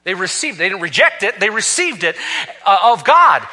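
Husky, bright-voiced preacher man in a hall. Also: high-pitched, sing-song, moderate pace. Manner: impassioned, swings from hushed to shouting. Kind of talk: sermon. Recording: long reverb of a large hall.

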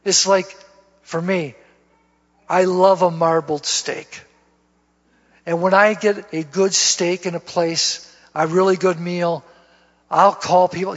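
As a guest speaker in church, a man gives his conversion testimony in a folksy way, laughing at himself. His high voice is steady, a little slow and a bit bright, heard through a dull lo-fi recording with long reverb.

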